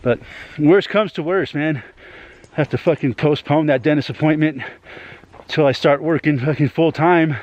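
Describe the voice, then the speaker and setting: A man's voice: a little high, normal speed, muffled recording. A man venting to his YouTube audience in a rambling, heavily profane monologue, ending many lines with "man.".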